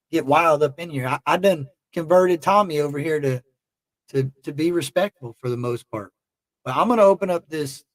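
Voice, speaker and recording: A man's voice: fairly high pitch, no room sound. A man hosting a casual livestream to his chat, talking bluntly and heatedly with lots of swearing and rambling. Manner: emotional and heated. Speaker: YouTube livestream host.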